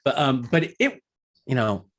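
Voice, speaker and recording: A man on a podcast as a guest, chatting casually with a halting delivery and frequent restarts. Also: mid-range voice, sing-song. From grew up as a military kid on Okinawa. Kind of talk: casual conversation. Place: lives in London.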